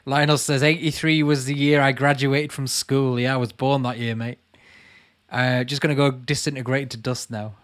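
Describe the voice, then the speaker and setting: His medium-pitched voice barely moves in pitch and keeps a normal speed as he chats casually on a livestream. The host, a late-30s man from Lancashire, reads viewer comments out and calls everyone mate.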